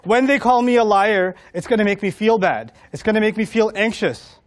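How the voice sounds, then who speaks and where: A middle-aged man giving a humorous storytelling talk to an audience, animated and jokey, acting out quotes and voices. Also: sits high, moderate pace. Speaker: Islamic speaker.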